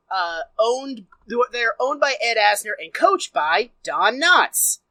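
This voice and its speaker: A woman's voice: mid-range voice, sharp tone, no echo, rough recording. A woman co-hosting a podcast, recapping a film in casual chat, profane and sardonic, laughing as she tells it. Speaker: podcast co-host.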